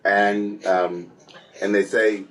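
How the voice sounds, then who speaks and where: A man leading a casual Torah study class, telling the story in a lively way and acting out the characters with humor. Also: on the low side, slow pace, far from the mic. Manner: lively storytelling, playfully acts out biblical characters, frequent restarts.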